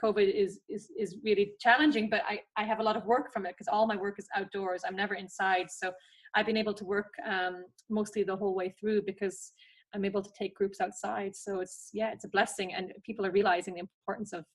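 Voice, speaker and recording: A woman's voice: medium pitch, level tone, brisk. A woman talking about her work as a forest therapy practitioner in an enthusiastic, chatty way, with frequent restarts, as a guest on a remote call. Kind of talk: casual conversational interview.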